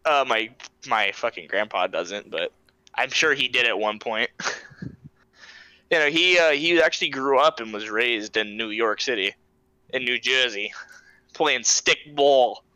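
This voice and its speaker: Bright-voiced young man chatting casually. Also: medium pitch, a little slow, clear, resonant tone, no echo, rough recording. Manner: laid-back, swears often, laughs a lot. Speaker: podcast host. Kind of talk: casual chat.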